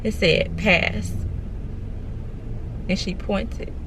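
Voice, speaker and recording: Young woman, mid-pitched voice, casual phone vlog from a car, excited and repetitive, faint road hum behind her. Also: extremely slow. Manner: excited, repetitive, talks straight to viewers. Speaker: vlogger.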